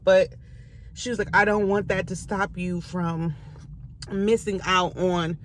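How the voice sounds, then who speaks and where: A young woman vlogging casually to camera from her car, speaking candidly and emotionally with animated swings in pitch. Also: moderate pace, a little hiss or hum. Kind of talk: casual chit-chat to camera.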